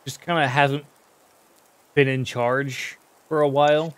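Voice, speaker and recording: A man's voice: medium pitch, steady tone, slow, dry recording. A man running a tabletop game as game master, describing the scene in a casual, swearing way.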